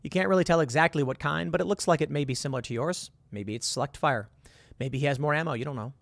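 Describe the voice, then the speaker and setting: A man's voice: fairly high pitch, quick pace, creaky, no echo. A man talking the listener through a hypothetical scenario, earnest and full of rhetorical questions. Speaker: commentator. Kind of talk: casual monologue with hypotheticals.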